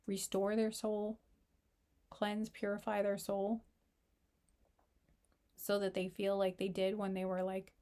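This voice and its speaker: A woman talking through a tarot reading with a mellow, darkish tone. She rambles and restarts, reaching for the right word, and her voice is wearing thin, so she keeps it low and close to the microphone. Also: completely flat delivery, slow pace, pauses often. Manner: rambling, searching for words with many "like"s and restarts. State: losing her voice. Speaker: tarot reader. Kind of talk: casual tarot reading to camera.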